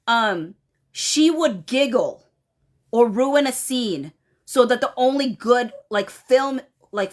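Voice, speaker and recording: A woman's voice: a little high, fairly bright tone. A woman on a casual commentary livestream, reading documents aloud and breaking into laughing asides to her chat.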